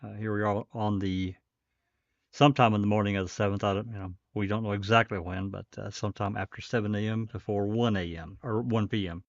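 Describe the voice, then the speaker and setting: A man hosting a casual livestream, talking in a rambling, halting way with a faint Southern American accent. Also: on the low side, steady tone, no echo. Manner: rambling, halting, many fillers. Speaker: livestream host. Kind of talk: casual commentary. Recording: dull dry lo-fi stream.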